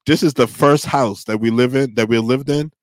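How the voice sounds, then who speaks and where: A man's voice: medium pitch, normal speed, no echo. A man in his forties with a New York accent, hosting a podcast in casual chat and animatedly acting out the voices in his stories. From grew up in New York. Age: 40s. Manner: animated storyteller, acts out quoted voices. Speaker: podcast host.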